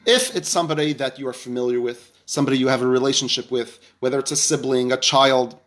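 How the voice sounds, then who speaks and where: A man's voice: medium pitch, fast. A man giving a Torah lesson, telling a story with the dialogue acted out and often restarting his sentences. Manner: animated storyteller, acts out dialogue, frequent restarts. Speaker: rabbi teacher.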